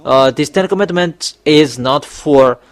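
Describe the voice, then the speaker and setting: A man preaching a sermon in an emphatic, exhorting way, repeating his points and pausing on fillers, his voice climbing sharply when he warns his listeners. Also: on the high side. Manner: emphatic exhorting, voice rising on warnings; repetitive, with fillers and restarts.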